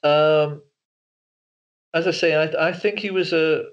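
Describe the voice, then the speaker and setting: A man talks as an interview guest, his voice sitting a little high for a man. He is hesitant, repeating words and restarting sentences as he goes. The sound comes through a video call and is dull and lo-fi. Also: slow. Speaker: guest, author and filmmaker. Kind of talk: casual interview talk.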